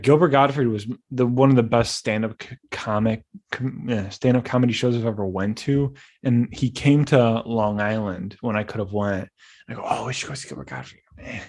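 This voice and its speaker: A young man hosting a podcast, rambling through animated stories full of restarts. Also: medium pitch. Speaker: podcast host. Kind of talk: casual chat.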